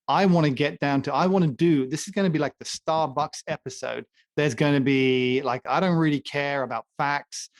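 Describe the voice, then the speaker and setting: A man's voice: on the high side, moderate pace, few pauses, dry recording, studio quality. A man co-hosting a casual talk show, ranting emphatically and joking as he makes his case. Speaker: podcast co-host. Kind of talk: opinionated casual chat.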